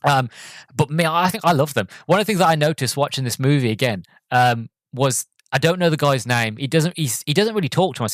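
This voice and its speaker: A man's voice: medium pitch, no room sound. A man hosting a podcast, giving a casual, rambling movie review with lots of filler words and plenty of enthusiasm. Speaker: podcast host.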